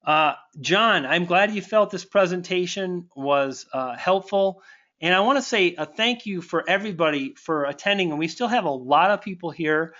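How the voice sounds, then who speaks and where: Effusive high-voiced man on a dull stream. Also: lively intonation, moderate pace, pushed and bright. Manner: effusive and thankful, stumbling restarts. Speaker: online marketing coach. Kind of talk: live webinar Q&A, reading viewer comments.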